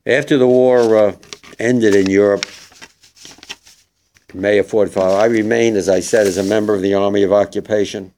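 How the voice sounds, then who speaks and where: An older man, a war veteran, gives spoken testimony to young listeners, halting and emotional with many restarts. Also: fairly low pitch, fairly even intonation, darkish tone, a little hiss or hum.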